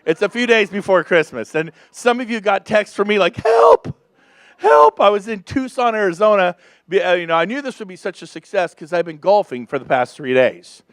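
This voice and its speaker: A man in his fifties from California, giving a lively, joking motivational talk on stage to a seminar audience. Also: sits high, fairly quick, no room sound, clean studio sound. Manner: energetic, joking, revs up the crowd. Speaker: real estate speaker at a business seminar.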